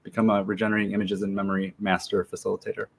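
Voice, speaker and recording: A man in his forties, a podcast guest, telling a personal story in a relaxed, slangy way with many ums and restarts. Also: lowish voice, rapid-fire. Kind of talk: casual storytelling interview.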